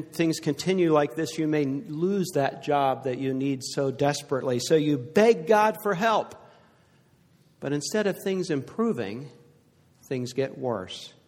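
Older guy preaching, earnest storyteller, goes quiet and soft on sad bits, big echoey church hall. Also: medium pitch. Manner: earnest storytelling, dropping to a hushed voice for sad points. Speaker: pastor. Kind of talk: sermon. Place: church sanctuary before a congregation.

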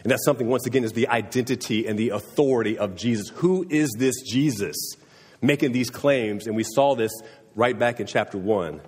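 A man of middle pitch preaches a sermon, talking plainly and often asking his listeners "right?". His voice has a husky edge. It rings out with the long reverb of a church hall. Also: a little fast, darkish tone. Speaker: pastor.

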